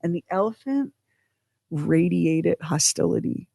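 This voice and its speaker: Animated woman telling a story. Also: on the low side, unhurried, creaky, dry recording, clean studio sound. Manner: animated, self-deprecating storytelling with acted quotes. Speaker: podcast co-host. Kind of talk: storytelling podcast chat.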